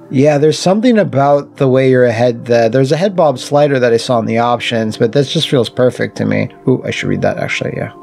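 A man's voice: mid-range voice, creaky, darkish tone. A man casually commenting while he plays a video game, wry and jokey, swearing and talking to the enemies. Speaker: gaming channel host. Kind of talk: casual let's-play commentary.

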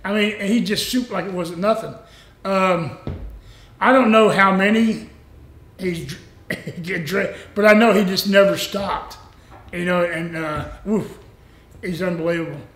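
An older man, a former wrestler telling stories in a rambling, animated way and laughing often. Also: sits high, measured pace, long pauses, echoey room. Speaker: former pro wrestler, interview guest. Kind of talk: casual storytelling interview.

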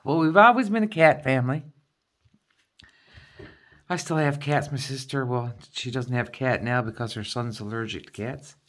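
A woman's voice: a bass voice, normal speed, pauses often. A middle-aged woman vlogging a craft kit unboxing, explaining each item in a chatty, step-by-step way. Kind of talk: casual unboxing chat.

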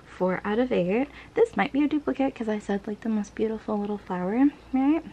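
A woman's voice: fairly high pitch, fairly quick, highs cut off, slight background noise. Gushing woman unboxing fan merch. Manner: gushing, breathless, swings to soft whispers and laughs. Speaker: vlogger. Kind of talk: casual unboxing chat.

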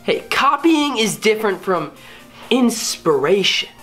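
High-voiced young man, lively joking. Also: measured pace, music in the background. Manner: playful, jokey, mock-dramatic. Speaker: YouTuber reading viewer comments. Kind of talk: casual comedic vlog.

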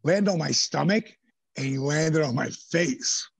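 A man guest on a podcast, telling animated stories, swearing freely and acting out the voices of the people in them. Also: fairly high pitch, measured pace, vocal fry, breathy edge, dry recording. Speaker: podcast guest, former pro wrestler. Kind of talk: casual storytelling interview. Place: podcast studio.

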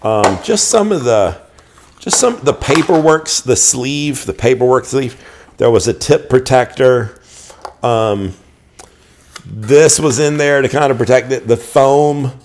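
A middle-aged knife collector casually shows off and reviews his knives in a slow, mid-range, slightly mellow voice. He's enthusiastic and rambling, frequently restarting his sentences as he goes.

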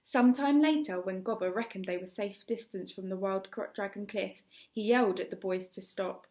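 Brief: English woman teacher reading a children's novel aloud, mid-pitched, expressive, little stumbles fixed on the fly. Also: moderate pace. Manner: expressive, with small slips and self-corrections. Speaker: teacher reading a chapter book.

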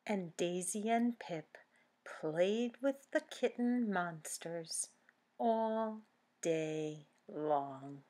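A woman leading a children's library storytime, reading picture books and singing with the children. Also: lowish voice. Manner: slow, sing-song and animated.

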